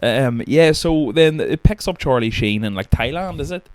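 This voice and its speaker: A man's voice: mid-range voice, lively intonation, normal speed, clear, resonant tone, dry recording. Sweary man chatting films. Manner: sweary, rambling, laughs often. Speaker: podcast co-host. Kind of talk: casual film chat.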